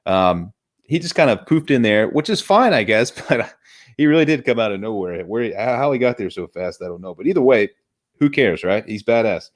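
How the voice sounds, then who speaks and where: A man's voice: on the low side, lively intonation, moderate pace. A man hosting a casual movie review chat, enthusiastic and rambling, often restarting his sentences.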